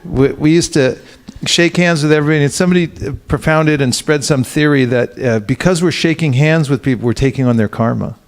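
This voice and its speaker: A man's voice: fairly high pitch, brisk. A man giving a sermon as a spiritual teacher, speaking conversationally with frequent fillers and stories. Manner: conversational, storytelling with filler words.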